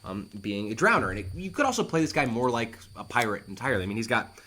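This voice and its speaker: A man walks through an old play line by line, teaching in a relaxed, conversational way. He speaks fast at a middling pitch, his voice moving in lively swings as he explains.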